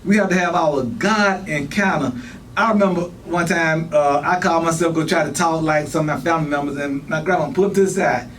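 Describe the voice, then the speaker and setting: A man preaching a sermon in church, talking fast and repeating phrases for emphasis. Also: a little high, fairly bright tone, far from the mic, slight background noise, rough recording. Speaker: pastor.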